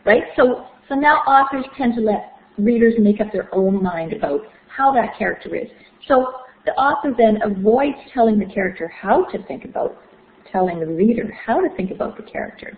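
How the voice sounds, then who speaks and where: A woman's voice: mid-range voice, lively intonation, moderate pace. A woman lecturing on literature, explaining with rhetorical questions and frequent fillers. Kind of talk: recorded lecture. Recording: echoey, phone-like thin sound.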